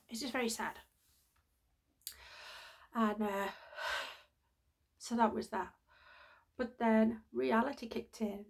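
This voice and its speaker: A woman's voice: mid-range voice, creaky. A middle-aged woman vlogging, telling a personal story in an earnest, heartfelt, rambling way.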